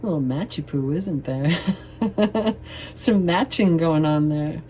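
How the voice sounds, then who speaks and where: Low-voiced woman reading tarot. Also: slow pace, dark tone, a little hiss or hum. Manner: chatty and loose, swears playfully, laughs often. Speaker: tarot reader. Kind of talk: casual tarot reading to camera.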